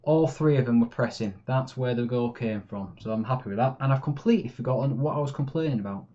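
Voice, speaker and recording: A man's voice: mid-range voice, fast talker, dull audio. A man commentating live on his own game, chatty and easily frustrated. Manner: chatty, swings between calm and exasperated. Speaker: gaming YouTuber.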